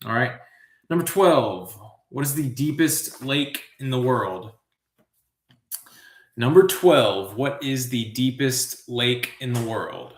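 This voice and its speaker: A man with a mid-range voice hosts a live trivia show, reading the questions at an unhurried, drawn-out pace. He wanders into relaxed musing asides between answers. The sound is roomy and echoey. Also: mid-range voice, a little hiss or hum. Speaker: trivia host.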